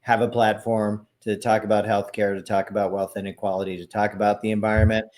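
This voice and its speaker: A man's voice: lowish voice, level tone, fast talker, a little mellow. A man co-hosting a podcast, steering the casual chat with a wry, easygoing manner. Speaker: podcast co-host.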